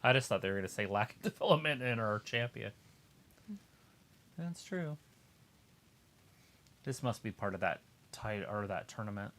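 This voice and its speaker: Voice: medium pitch, animated, moderate pace, long pauses, fairly bright tone. A co-host of a wrestling watch-along, chatting casually, reacting to the show aloud and mimicking the wrestlers. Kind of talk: casual chat.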